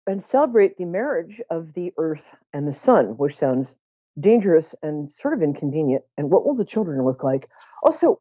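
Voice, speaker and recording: Woman, middle-aged, psychic call-in host, joking, self-mocking, low voice, lively swings, dry dull sound. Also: dry recording. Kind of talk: live call-in show chat.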